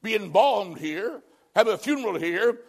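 A male preacher delivering an evangelistic sermon, swinging between loud emphatic lines and hushed, near-whispered endings. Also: high-pitched, expressive, moderate pace, creaky.

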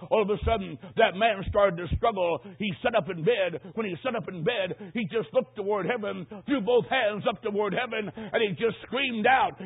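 A man preaching a sermon as he tells a story, swinging dramatically from hushed tones to shouts. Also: high voice, gravelly, slightly rough. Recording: tinny phone-line sound.

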